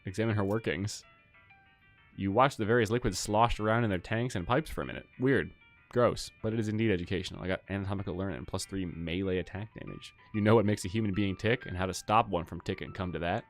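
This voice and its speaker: A man's voice: sits low, quick pace, faint music behind. A man streaming a game, reading its text aloud in a casual, jokey way.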